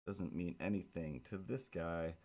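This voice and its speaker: A man's voice: low voice, unhurried, darkish tone. A man chatting casually on a livestream while drawing, rambling with self-mocking, playful asides. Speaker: streamer.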